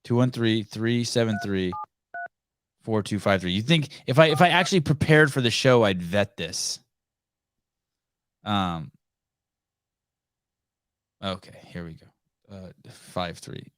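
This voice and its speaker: Laid-back profane podcast host, low voice. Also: male voice, lively intonation, a bit bright, smooth, no echo. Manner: rambling, profane, quick to laugh. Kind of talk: casual live-stream chat.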